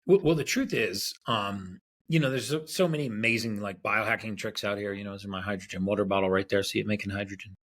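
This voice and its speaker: A man tells a story as a podcast guest in a relaxed, casual way. He acts out the quoted lines with animation. His voice is husky and sits a little low. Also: fast, hardly any pauses.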